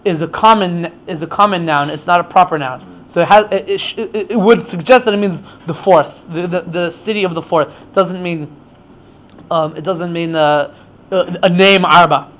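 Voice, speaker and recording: A man's voice: sits high, normal speed, fairly bright tone. A man teaching an informal Torah class, explaining with many stammered restarts.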